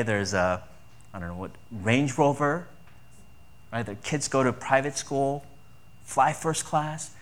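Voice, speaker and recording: A man's voice: medium pitch, a bit bright. A man preaching a sermon in a conversational style, often asking his listeners rhetorical questions. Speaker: pastor.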